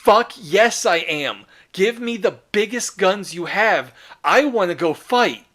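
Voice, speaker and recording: A man voicing an eager male soldier sealed inside a war machine, speaking loudly and fiercely. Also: high voice, lively intonation, slow pace, voice pushed up, heavily acted. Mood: fired up.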